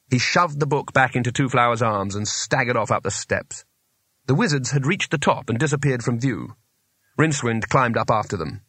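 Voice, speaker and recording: A man narrating a comic fantasy audiobook in a measured, expressive storytelling manner. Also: mid-range voice, slightly rough, no room sound. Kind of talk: scripted narration.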